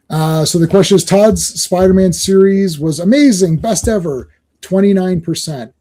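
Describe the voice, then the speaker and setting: Middle-aged guy rambling on his stream, kinda high voice but mellow, lots of restarts. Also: moderate pace. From Canada. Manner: rambling, self-interrupting, chuckling. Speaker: stream host. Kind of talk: casual live-stream chat.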